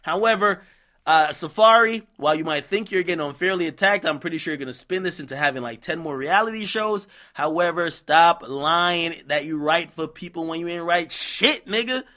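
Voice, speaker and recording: Man, gossip commentator, high voice, sharp tone, blunt, profane, excitable. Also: moderate pace. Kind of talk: casual commentary reading out posts.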